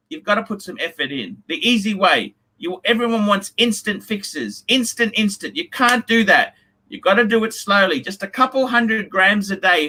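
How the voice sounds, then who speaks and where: A man's voice: high voice, bright, forceful tone. A man hosting a casual livestream, reading donations and ranting bluntly with lots of swearing. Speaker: livestream host.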